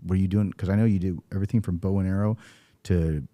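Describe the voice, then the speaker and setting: A middle-aged man from California hosting a podcast, asking questions and telling stories with lively acted-out quotes. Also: sits low, quick pace, no room sound. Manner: lively storyteller, acts out quotes. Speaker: podcast host. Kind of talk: casual interview chat.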